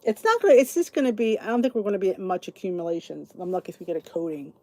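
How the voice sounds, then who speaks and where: Mellow, chatty middle-aged woman host. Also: mid-range voice, animated, very fast, no echo. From New Jersey, USA. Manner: chatty, answers viewers by name, laughs often. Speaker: channel host. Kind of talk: casual livestream chat.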